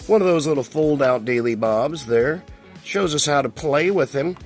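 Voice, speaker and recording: A man's voice: fairly high pitch, expressive, moderate pace, faint music behind. A middle-aged man giving a casual, folksy toy review, talking to his viewers as he handles the figure.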